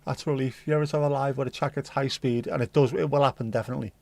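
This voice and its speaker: A man's voice: mid-range voice, steady tone, rapid-fire, vocal fry, darkish tone, no echo. A middle-aged man with a Liverpool accent, hosting a livestream and chatting casually to his live chat with jokey, rambling asides. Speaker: livestream host.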